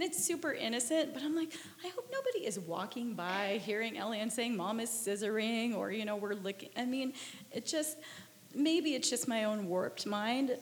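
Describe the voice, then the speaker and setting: A mother telling a lively, embarrassed story about her son, laughing along. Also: fairly high pitch, big-room sound. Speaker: parent sharing a story. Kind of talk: casual storytelling.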